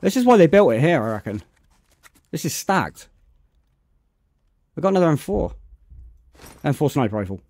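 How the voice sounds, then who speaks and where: British male streamer with a slightly high voice, running commentary and shout-outs to chat while gaming. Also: big pitch swings, normal speed, long pauses, dry recording. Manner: greets chat viewers by name between gameplay remarks. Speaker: game streamer. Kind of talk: casual live-stream chat while playing.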